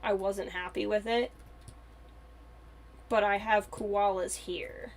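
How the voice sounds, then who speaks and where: A woman's voice: mid-range voice, fairly even intonation, slow, pauses often, a little hiss or hum. A woman streamer chatting casually and thinking aloud as she plays a game on a live stream.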